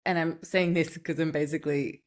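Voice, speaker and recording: A woman in her forties hosts a heart-to-heart interview, her voice pitched somewhat low. She listens with empathetic murmurs and asks gentle, personal questions. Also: steady tone, moderate pace. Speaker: podcast host. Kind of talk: warm conversational interview.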